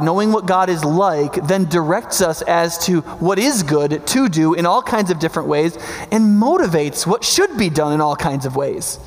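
A man preaching a sermon in a relaxed teaching tone, often pausing to ask his listeners "right?" His voice sits a little high with a gravelly edge. The sound carries a long reverb, as from a large hall. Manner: conversational teaching with frequent "right?" check-ins. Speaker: pastor.

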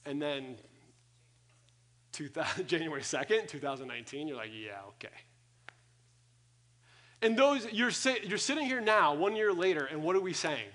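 Young male pastor, fairly high voice, lively sermon delivery that swings loud and soft, addressing a congregation. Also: normal speed. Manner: energetic, acts out quoted thoughts, swings loud and soft. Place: church hall with audience.

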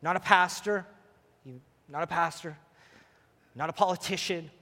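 Pastor guy preaching, high bright voice, long echo in the sanctuary. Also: a little slow, creaky. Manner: animated, preacherly, acts out voices. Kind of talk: sermon. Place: church sanctuary.

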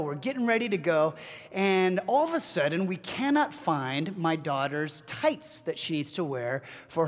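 A middle-aged man preaching a sermon, telling a family story with halting restarts and joking asides. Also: on the high side. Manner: animated storytelling with self-deprecating asides. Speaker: pastor. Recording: long reverb of a large hall.

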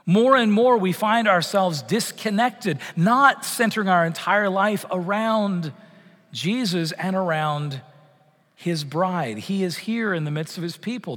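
A man's voice: high voice, measured pace, fairly bright tone, big-room sound. A middle-aged man from Canada preaching a conversational sermon to his congregation, with many fillers and restarts. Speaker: pastor. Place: church sanctuary.

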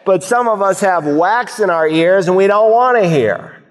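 A man's voice: high-pitched, sing-song, a little slow. Emphatic male preacher in a reverberant hall. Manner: earnest, emphatic Bible exposition with rhetorical questions. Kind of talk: sermon.

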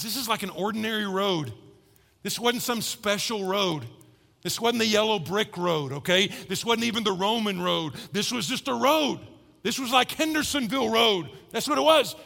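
Gravelly, bright-voiced pastor preaching. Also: male voice, high voice, in a large hall. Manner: animated, acts out characters' voices. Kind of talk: sermon. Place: church hall.

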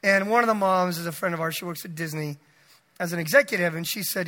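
A man delivers a sermon in a church sanctuary, his voice high and bright. He preaches with animated emphasis and slows down to press key phrases. A long reverb trails behind each line. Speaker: pastor.

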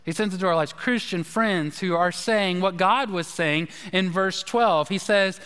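A pastor with a notably high voice delivers his sermon in a relaxed, chatty manner, spinning stories and tossing in asides. His words ring out with a long reverb, as if in a large church sanctuary. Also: a little slow, few pauses, smooth. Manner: conversational, storytelling with asides.

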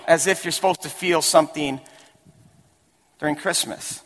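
A man's voice: a little high, normal speed, a bit bright. A male pastor giving a sermon in a church, chatty and building to emphatic points. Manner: conversational, rising to emphatic. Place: church sanctuary. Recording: long hall reverb.

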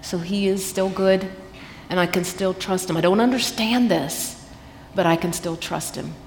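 A woman's voice: on the low side, steady tone, measured pace. Earnest Southern woman telling her testimony. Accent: Southern American. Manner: earnest, heartfelt, quotes scripture, laughs easily. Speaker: guest sharing her testimony. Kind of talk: personal testimony at a church women's event. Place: church event space. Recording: reverberant hall, faint background noise.

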